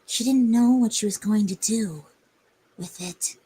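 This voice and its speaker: A woman's voice: a little high, measured pace, dark tone, husky, no room sound. A young woman telling a story on a livestream in a rambling, hesitant way with many fillers. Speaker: streamer.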